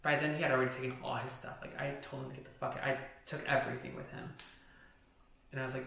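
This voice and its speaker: Gravelly man telling a story casually. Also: medium pitch, steady tone, a little fast, fairly bright tone. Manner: profane, rambling, heavy use of "like". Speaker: vlogger. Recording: echoey room.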